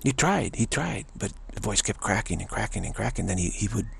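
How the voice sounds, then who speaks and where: A man's voice: lowish voice, brisk, gravelly, slight background noise. A man giving an informal spiritual talk as a teacher, telling stories with animation and often repeating and restarting his words. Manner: animated storyteller, acts out other people's voices.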